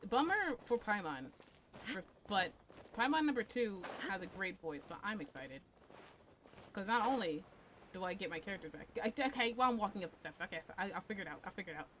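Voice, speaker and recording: A woman's voice: mid-range voice, a bit bright, slight background noise. A woman streaming a game, chatting casually with crude, playful jokes and talking to herself. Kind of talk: casual gaming commentary.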